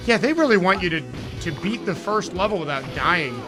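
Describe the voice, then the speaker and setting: A man's voice: high voice, lively intonation, a little fast. A man streaming a retro arcade game, joking and chuckling through casual commentary. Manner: jokey, chuckles often, drops into comic voices. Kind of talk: casual live-stream commentary over gameplay. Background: game music.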